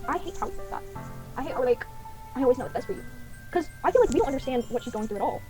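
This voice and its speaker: A woman streamer giving quick, chatty, offhand commentary while reading a game aloud. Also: sits high, lively intonation, mellow, faint music behind, poor audio. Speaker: gameplay streamer.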